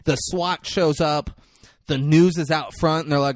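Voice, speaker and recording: A man hosting a podcast, recapping a movie in a casual, animated, profane way and laughing often. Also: fairly high pitch, a little slow, no echo, clean studio sound. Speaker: podcast host.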